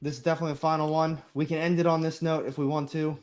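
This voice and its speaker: A man co-hosting a comic book livestream, talking in a relaxed, chatty way with trailing fillers. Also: on the high side, racing. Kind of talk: casual chat.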